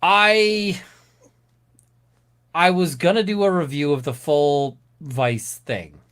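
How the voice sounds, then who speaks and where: A man with a slightly high voice, co-hosting a casual live-stream chat. He rants and swears freely as he talks. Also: fairly even intonation, slow pace, a bit bright, clear, resonant tone. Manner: swearing, ranting. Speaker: co-host.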